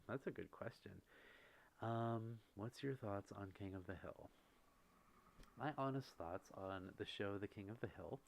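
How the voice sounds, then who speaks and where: A man with a slightly low voice hosts a relaxed ASMR livestream, speaking close to the microphone. He reads out viewer messages and answers each one gently.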